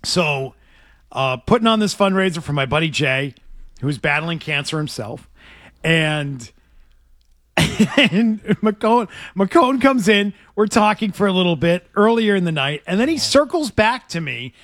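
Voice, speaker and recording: A man's voice: normal speed, dry recording. A man hosting a radio show, telling a story in casual studio banter and acting out the quotes. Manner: animated storyteller, acts out quotes in a high voice.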